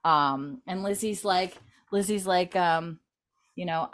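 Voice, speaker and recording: A woman podcast host recaps a TV episode in casual chat. She talks in a chatty way with lots of fillers, and her voice sits on the lower side. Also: slow. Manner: chatty, many fillers, retells scenes.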